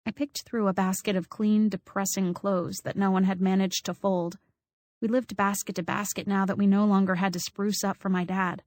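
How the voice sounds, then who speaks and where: A woman narrating a first-person audiobook, telling the story in a measured, wry way. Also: medium pitch, flat delivery, a little mellow, dry recording.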